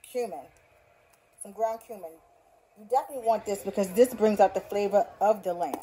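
A woman's voice: medium pitch, brisk, warm tone, slightly rough, poor audio. A woman hosting a casual home cooking tutorial, chatty and upbeat, talking straight to her viewers, recorded on a phone in her kitchen. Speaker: cooking vlogger. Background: faint football game on TV.

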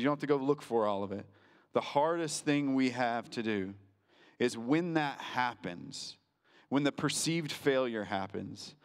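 A male pastor preaching a sermon in a conversational way, slowing down for emphasis and acting out quotes. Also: medium pitch. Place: church sanctuary. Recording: reverberant church hall.

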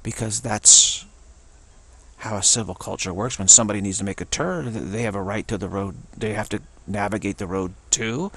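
A man of middle pitch talks through a spiritual monologue with a gravelly, creaky edge and a husky, slightly breathy tone. He speaks earnestly and circles back to the same phrases again and again. He often slips into short imagined exchanges as he talks. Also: fairly bright tone. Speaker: spiritual commentator.

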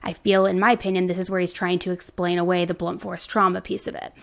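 A woman's voice: lowish voice, level tone, fast, creaky. A young woman commenting on a true crime case, reading a letter aloud and breaking off with indignant, skeptical remarks.

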